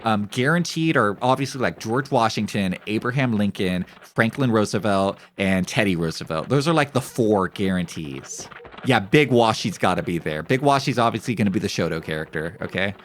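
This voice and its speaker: Male streamer, young adult, low voice, lively intonation, crude joking banter. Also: normal speed, a little hiss or hum. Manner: joking, rambling, profane banter. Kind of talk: casual chat on a live stream.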